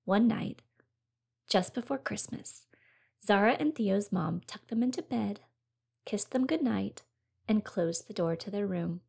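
A woman narrating a children's story in a gentle, clear storybook reading. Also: mid-range voice, expressive, a little slow, pauses often.

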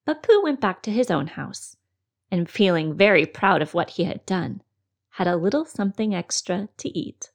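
A woman reading a children's storybook aloud in a gentle, expressive way. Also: fairly low pitch, normal speed. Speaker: storybook reader.

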